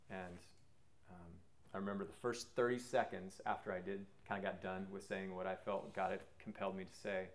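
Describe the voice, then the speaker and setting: A man giving a personal faith testimony, earnest and reflective, pausing often with fillers as he talks. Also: low voice. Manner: halting, with many pauses and fillers. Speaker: speaker sharing a faith testimony.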